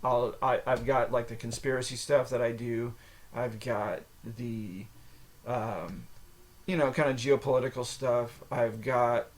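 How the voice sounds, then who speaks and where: An American man hosting his own podcast, talking in a rambling, casual monologue full of fillers and restarts. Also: mid-range voice. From United States. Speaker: podcast host.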